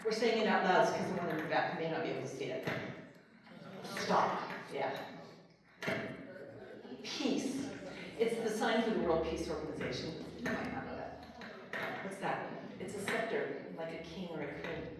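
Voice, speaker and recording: A woman's voice: fairly low pitch, lively intonation, normal speed, pauses often. A woman presenting a singing time workshop, coaching a group of adults through a song with clapping moves, counting down and singing along. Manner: upbeat, coaxing, counts down and sings along. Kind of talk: leading a live group song and movement workshop. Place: large hall with a group of adults. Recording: echoey hall, distant mic, crowd.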